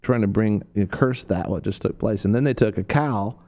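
Preaching on a radio talk show, a man with a low, warm voice talks fairly quickly. His storytelling is loose and meandering, crowded with fillers and false starts, and he switches to a high voice when imitating people he quotes.

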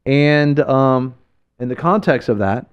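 A man hosts a religious broadcast with fervent, exhorting commentary, repeating key phrases for emphasis. His pitch sits in the ordinary middle range. The recording sounds slightly dull and muffled. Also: slow pace, smooth.

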